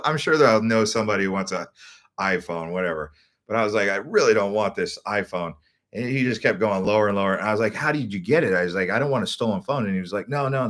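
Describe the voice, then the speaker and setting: A man's voice: fairly low pitch, fairly bright tone. A man, a travel vlogger, casually telling a rambling story with lots of filler words and restarts. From United States. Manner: rambling, loose delivery, many "like" fillers and restarts.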